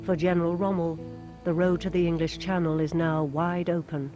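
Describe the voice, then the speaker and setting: A documentary narrator reading a scripted account in a measured, formal way. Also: medium pitch, little pitch movement, music in the background. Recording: narration over war sound effects.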